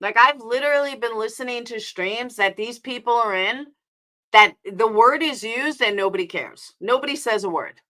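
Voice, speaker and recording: A woman's voice: on the high side, moderate pace, pushed and bright. A woman from New York with a New York accent, ranting angrily on a live stream and firing back at her chat with heavy profanity. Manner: heated, profane, confrontational, answering chat. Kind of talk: angry live-stream rant.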